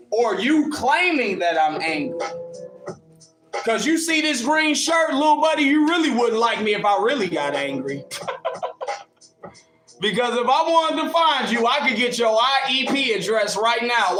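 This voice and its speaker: An extremely high-pitched man with a bright, forceful tone rants combatively on his livestream in Ohio, mocking and laughing at a commenter who criticized him as he answers commenters. The audio is reverberant.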